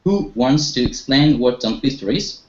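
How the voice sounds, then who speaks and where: Lively-voiced male English teacher online. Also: mid-range voice, moderate pace, slight background noise. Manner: encouraging, leads students with questions, some hesitations. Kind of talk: online group English lesson. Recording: echoey, dull online-call audio.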